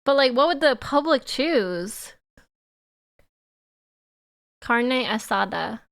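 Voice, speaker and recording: A woman's voice: fairly high pitch, lively intonation, takes it slowly, vocal fry, a bit bright, clear, resonant tone. A woman from Canada, giving playful live-stream reaction commentary and teasing her chat.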